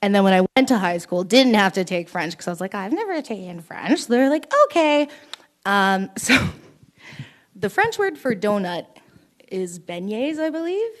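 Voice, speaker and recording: A woman's voice: mid-range voice, very animated, normal speed. A young woman from Canada doing a stand-up set at a small open mic, telling rambling, self-deprecating stories with frequent giggles.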